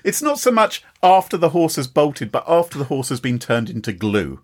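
An English man co-hosting a podcast, dry and teasing in casual chat, with a slightly husky voice. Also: a little high, sing-song, moderate pace. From England. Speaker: podcast co-host.

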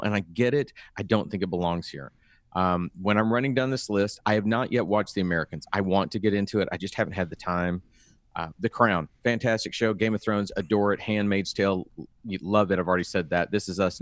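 A man co-hosting a podcast in casual chat, giving quick, opinionated verdicts. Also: low-pitched, dry recording. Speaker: podcast co-host.

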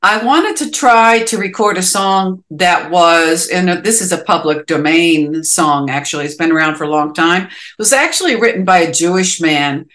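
A woman's voice: fairly low pitch, expressive, moderate pace, hardly any pauses, fairly bright tone. A woman with a Boston accent, a musician guest chatting in a podcast interview, rambling and leaning on "you know" fillers.

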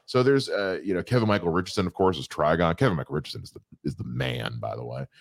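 A man's voice: deep voice, fast, vocal fry, no echo, studio quality. A young adult man co-hosting a podcast, chatting casually with a wry, rambling manner and many restarts. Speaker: podcast co-host. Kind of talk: casual chat.

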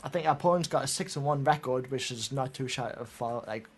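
A man's voice: medium pitch, fast talker. Male co-host, chill, short answers, sounds like a remote call. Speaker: podcast co-host. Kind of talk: casual chat.

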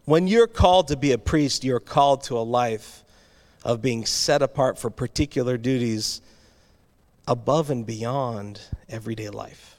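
A man's voice: medium pitch, measured pace. Conversational male pastor preaching. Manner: conversational, with restarts and asides to the congregation. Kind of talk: sermon.

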